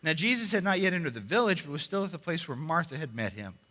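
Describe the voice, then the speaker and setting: A man preaching a sermon as pulpit minister, swinging between loud proclamation and quiet intensity. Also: fairly high pitch, very animated, fast. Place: church sanctuary. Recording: long church reverb.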